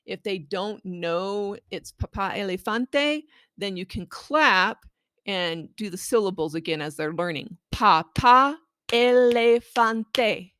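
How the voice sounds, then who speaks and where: Slow, patient woman explaining reading tips. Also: lowish voice, fairly bright tone, dry recording, clean studio sound. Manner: patient, explaining, models read-aloud phrases. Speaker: children's language book presenter. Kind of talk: instructional tips for reading aloud.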